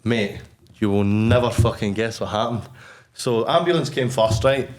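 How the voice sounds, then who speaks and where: A young Scottish man, a podcast guest, telling a wild story in a blunt, sweary, animated way. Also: on the low side, normal speed. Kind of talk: casual storytelling.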